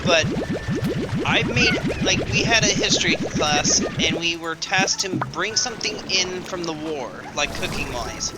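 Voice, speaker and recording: Relaxed male co-host, a bit high-pitched, anecdotal, buried in loud music. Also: a little slow, poor audio. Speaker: stream co-host. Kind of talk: casual gaming chat.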